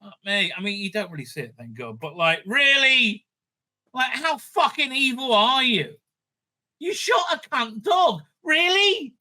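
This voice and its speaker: A middle-aged man, a rabbi, rambling through casual commentary in a profane, animated rant full of restarts and asides. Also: extremely high pitch, a little slow.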